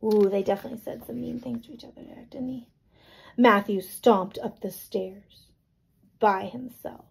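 A woman teacher reading a picture book to children, gently explaining and checking in with little questions. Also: on the high side, fairly even intonation, normal speed, gravelly, husky, low-quality recording. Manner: gentle, checks in with "right?" and "okay?".

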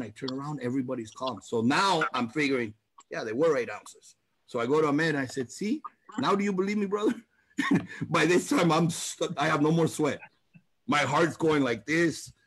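Husky man telling a lively story. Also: a little high. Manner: animated, acts out voices in his story. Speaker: boxing promoter telling a story. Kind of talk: casual storytelling on a talk show.

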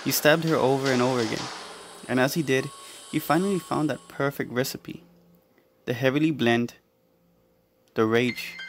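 A man narrating a horror story in a measured, dramatic way, with music underneath. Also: medium pitch, gravelly.

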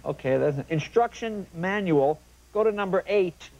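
Guy hosting a late night show doing headline jokes, bit higher voice, really bouncy delivery, audience laughing and noisy studio. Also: moderate pace, highs cut off. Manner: wisecracking, animated punchlines with asides to the audience. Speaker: talk show host. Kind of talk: comedic monologue reading joke headlines. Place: TV studio stage.

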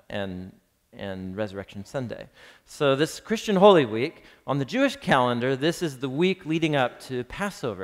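A man teaching a live class on a gospel text, chatting casually, quizzing his listeners and reading passages aloud with drama. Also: mid-range voice. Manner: conversational, quizzes the audience, reads scripture dramatically. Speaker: Bible teacher. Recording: long reverb of a large hall.

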